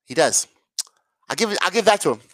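A woman's voice: on the low side, sing-song, a little fast, fairly bright tone, no room sound. A woman rants to her viewers, sarcastic and profane, her voice swinging up and down with exasperation. The sound is dry and close, with no room around it. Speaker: political commentator. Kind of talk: angry political rant to viewers.

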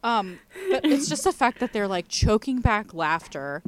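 A woman's voice: mid-range voice, sing-song, measured pace, slight background noise. A young woman co-hosting a podcast, telling a funny story in a rambling, casual way, laughing and swearing as she goes. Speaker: podcast co-host. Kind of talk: casual chat.

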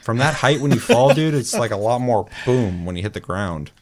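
A man's voice: medium pitch, lively intonation, moderate pace. A man hosting a casual chat show, telling a gaming story with laughs and swearing. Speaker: podcast host.

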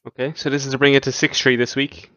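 A man's voice: medium pitch, little pitch movement, fast, bright, forceful tone, highs cut off. An Irish man co-hosting a podcast, teasing his partner with dry questions in casual banter. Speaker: podcast co-host.

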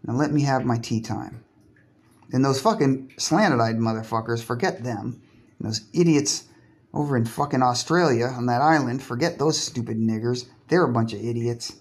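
A man's voice: mid-range voice, normal speed. A man with an ordinary mid-range voice rants through a solo podcast monologue, sarcastic and full of swearing, now and then breaking off a word and starting again. He is recorded at home, talking from his bathtub. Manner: profane, sarcastic, provocative, breaks off and restarts words.

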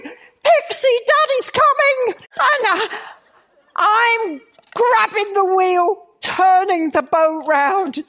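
An older woman with a Northern Irish accent tells a church story with humor and animation. Her voice sits high, and she speaks at a slow, unhurried pace, laughing now and then along the way. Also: fairly bright tone. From Northern Ireland. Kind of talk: storytelling sermon. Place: church gathering.

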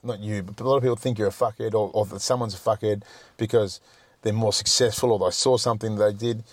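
A man's voice: on the low side, fairly even intonation, quick pace, dry recording. A middle-aged man chatting as a podcast guest, blunt and freely swearing, often repeating words as he starts a point. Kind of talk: casual chat.

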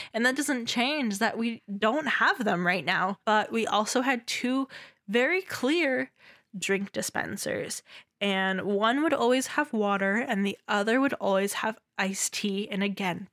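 A young woman hosting her podcast, telling work stories in a lively, chatty way. She laughs a lot as she talks and slips into quick voices for her customers. The sound is close and dry, with no room around it. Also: a little high, no room sound. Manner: animated, laughs often, acts out customer voices. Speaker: podcast host. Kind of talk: casual storytelling monologue.

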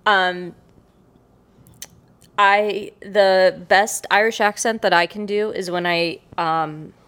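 A woman's voice: mid-range voice, fairly even intonation, takes it slowly, fairly bright tone, clean tone. A young woman co-hosting a casual chat podcast, teasing her co-host in a dry way.

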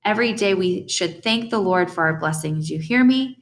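A woman reading an audiobook voices a stern, devout babysitter who scolds slowly and calls on the Lord. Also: on the low side, animated, close to an everyday voice. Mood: scolding. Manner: slow, scolding, talks of the Lord.

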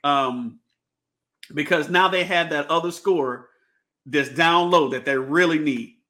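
A man's voice: on the high side, unhurried, bright, forceful tone. A man hosting a casual sports podcast, talking with many fillers and restarts and laughing often. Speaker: podcast host.

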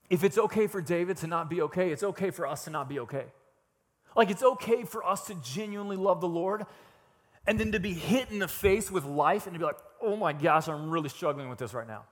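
A man preaching a sermon in a casual, emphatic way, swinging from hushed reflection to loud, raised passages. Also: high-pitched, fairly quick, long reverb tail. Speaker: pastor.

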